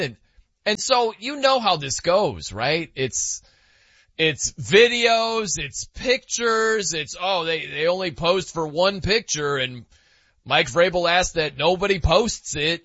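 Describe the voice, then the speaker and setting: A man's voice: a little high, bright, forceful tone, dry recording, highs cut off. A man hosting a sports talk show, chatty and joking with many fillers.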